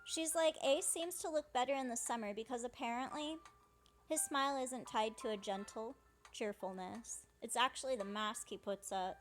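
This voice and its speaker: A woman with a voice on the high side narrates her game playthrough at a moderate pace, soft music playing behind her. She keeps it chatty, relaying characters' lines as a fan dubber would with "she's like."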